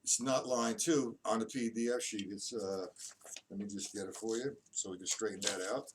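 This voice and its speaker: A man teaching a casual drum lesson. He explains stick patterns, counts the beats out loud, and keeps correcting himself. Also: lowish voice, fairly even intonation, moderate pace. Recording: distant mic with loud drum noise.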